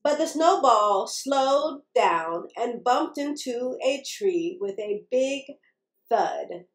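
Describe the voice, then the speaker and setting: A woman reading a children's bedtime story aloud in a slow, expressive, sing-song way. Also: fairly high pitch, reverberant. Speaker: children's book reader.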